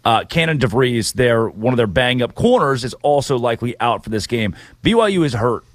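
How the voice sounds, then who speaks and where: A man hosting sports talk, brash and opinionated, firing off picks with jokes mixed in. His voice sits mid-pitch for a man and sounds dry and close, with no room around it. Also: lively intonation, fairly quick, dry recording. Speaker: sports radio host.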